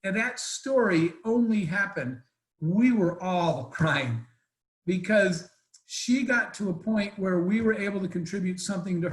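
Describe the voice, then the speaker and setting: Man, high voice, heartfelt rambling story, video call, roomy echo. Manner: earnest, emotional, rambling with restarts. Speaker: guest speaker. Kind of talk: storytelling answer in an online Q&A.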